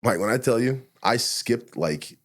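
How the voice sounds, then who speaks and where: A man who is a retired police officer, telling a personal story as a podcast guest in a blunt, profane, animated way, acting out what he thought and said. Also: medium pitch, unhurried. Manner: blunt, profane, animated retelling with acted-out inner quotes. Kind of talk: casual storytelling interview.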